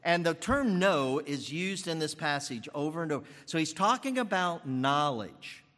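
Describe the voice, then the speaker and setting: Older male pastor, lively and bright-voiced, sermon with fillers, long church reverb. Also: fairly high pitch, moderate pace. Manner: animated, thinking aloud with fillers and restarts.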